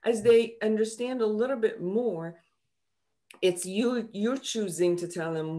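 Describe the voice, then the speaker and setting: A woman psychotherapist explaining her methods in an interview, animated, acting out quoted dialogue as she goes. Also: medium pitch, a little slow. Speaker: psychotherapist guest. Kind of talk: explaining in conversation.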